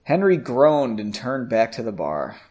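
Lively man reading fiction aloud. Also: mid-range voice, measured pace. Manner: self-correcting, mocks the text. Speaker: reader. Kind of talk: casual fiction read-aloud.

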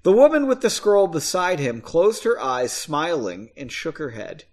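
A man reads his own novel aloud, stopping often for loose, self-mocking asides with the odd swear word. His voice sits a touch high and swings widely in pitch. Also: big pitch swings, measured pace, a little mellow. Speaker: author reading his own book. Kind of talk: casual book reading with asides.

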